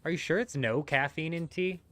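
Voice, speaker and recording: A man's voice: on the high side, brisk, pushed and bright. Chatty man streaming a game. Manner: chatty, answers viewer chat while playing. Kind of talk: casual live-stream chat.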